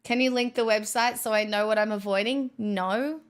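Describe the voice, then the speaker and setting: A woman's voice: a little high, steady tone, normal speed, clear, resonant tone. A young adult woman streaming, reading chat aloud in a playful, teasing casual chat.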